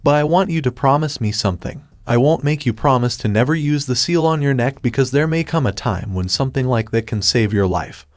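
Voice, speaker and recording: A man's voice: mid-range voice, expressive, fairly quick, hardly any pauses, dry recording, lightly acted. A man voicing a brash teenage boy ninja in his ordinary reading voice.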